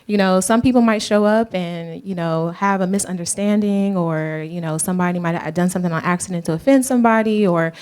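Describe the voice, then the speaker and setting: A woman's voice: lowish voice, brisk, few pauses, a little mellow, clear, resonant tone. A woman from Georgia with a light Southern lilt speaks on a panel in front of a live audience. Her talk is earnest and reflective, and she calls the room "y'all.". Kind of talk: panel discussion.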